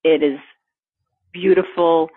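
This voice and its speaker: An American woman guest, a composer and conductor, telling lively stories and acting out the people she quotes. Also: sits low, slow, breathy edge, dry recording. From United States. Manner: lively, laughing often, acts out quoted people. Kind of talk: animated storytelling in an interview. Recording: tinny phone-line sound, dry.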